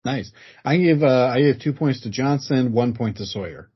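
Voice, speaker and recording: A man co-hosting a podcast, laid-back and a bit hesitant, his husky voice set in a mid range. The recording is lo-fi and muffled. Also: mid-range voice, lively intonation, normal speed. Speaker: podcast co-host. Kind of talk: casual chat.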